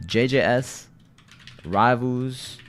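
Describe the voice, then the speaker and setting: A man's voice: medium pitch, extremely slow, a bit bright, faint music behind. A man hosting a livestream, chatting casually with viewers in loose slang and often repeating his phrases. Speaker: livestream host.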